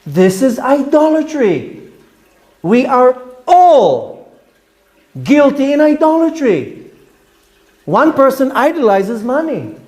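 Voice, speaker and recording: A man preaching as a rabbi, fiery and rebuking, repeating words for emphasis and swinging between shouts and hushed tones. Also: extremely high pitch, big pitch swings, slow pace, long pauses. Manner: repeats words for emphasis, asks rhetorical questions. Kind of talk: impassioned sermon.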